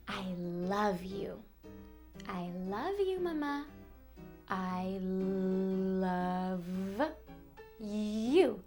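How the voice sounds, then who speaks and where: A woman's voice: mid-range voice, a little mellow. A woman teaching toddlers Spanish words in a bilingual lesson, sounding out each syllable with exaggerated care. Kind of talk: bilingual toddler lesson, slow and sing-song.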